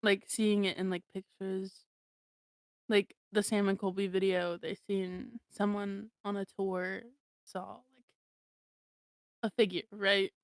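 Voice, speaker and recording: A woman's voice: medium pitch, flat delivery, slow, long pauses, dry recording, studio quality. A young woman co-hosting a casual podcast, giggling and rambling with lots of filler words. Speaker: podcast co-host. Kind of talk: casual chat.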